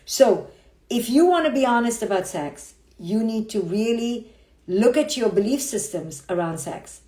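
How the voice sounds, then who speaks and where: A woman's voice: medium pitch, warm tone. A middle-aged woman psychologist giving a frank motivational talk on a live stream, blunt and emphatic, often checking in with her listeners. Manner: emphatic and blunt, keeps checking in with "okay?" and "right?". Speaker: psychologist and speaker. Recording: roomy echo.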